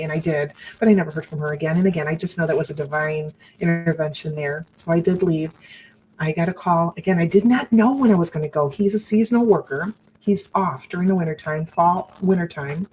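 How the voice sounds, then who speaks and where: Low, mellow-voiced woman telling her story. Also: a little fast, slight background noise, poor audio. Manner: earnest, reflective, religious phrasing. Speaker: survivor sharing her story on a live broadcast. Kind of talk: personal storytelling to viewers.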